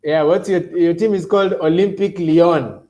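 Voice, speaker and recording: A man's voice: fairly high pitch, steady tone, moderate pace, warm tone, lo-fi sound. A man hosting a casual online chat, prompting his guest with questions and short remarks.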